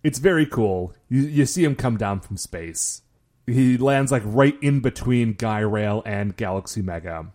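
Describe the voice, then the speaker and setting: Man co-host, casual recap, expressive rising and falling delivery. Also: on the low side, a little slow. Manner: animated, acts out quotes, many "like" fillers. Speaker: podcast co-host. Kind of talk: casual chat recapping a show.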